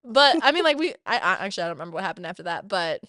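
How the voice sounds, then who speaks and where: A woman, an actress, chatting as a podcast guest and telling travel stories with lively quoted voices. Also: fairly low pitch, racing, no room sound, clean studio sound. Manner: chatty storyteller, animated quoting. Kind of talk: casual interview chat.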